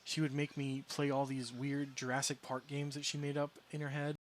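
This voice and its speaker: A man's voice: mid-range voice, flat delivery, moderate pace, slight background noise. A man casually chatting as a game streamer, rambling through a story with restarts and amused asides. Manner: rambling, self-correcting, amused.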